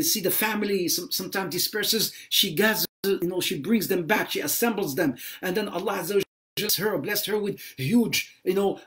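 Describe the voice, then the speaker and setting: A man's voice: high voice, a bit bright. A man giving a religious lecture on a livestream, impassioned, repeating phrases for emphasis and mixing in Arabic religious phrases. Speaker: Islamic lecturer.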